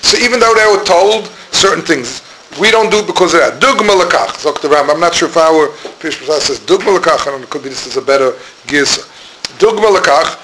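A middle-aged man, teaching a Torah class in a loose, wandering way. His voice sits a little high for a man, and he often stalls while he hunts for a word. The recording carries steady background noise. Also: fast. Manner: rambling, searching for words, mixes Hebrew and Yiddish terms. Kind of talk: informal Talmudic lecture. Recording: noisy room recording.

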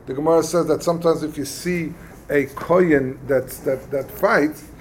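A man teaching a casual text study lesson, explaining passages in a halting, conversational way and acting out quarrels. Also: fairly high pitch, a little hiss or hum. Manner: halting, explains texts plainly and acts out quarrels. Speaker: religious teacher.

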